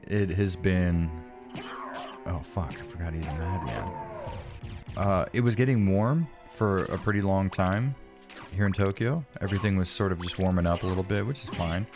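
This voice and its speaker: Low-voiced man chatting on a stream. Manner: rambling, self-deprecating, reads chat aloud. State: sniffly from allergies. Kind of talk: casual live-stream chat.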